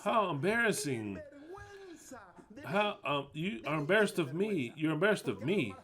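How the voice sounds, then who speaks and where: A man preaching in a fiery, mocking rant, swearing often and swinging between low mutters and loud outbursts. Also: big pitch swings, measured pace.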